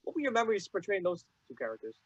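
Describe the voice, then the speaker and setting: A young man hosting an interview, asking eager, halting fan questions with many fillers. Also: sits high, huge pitch swings, slightly rough, dry recording. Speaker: podcast host. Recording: dull dry lo-fi mic.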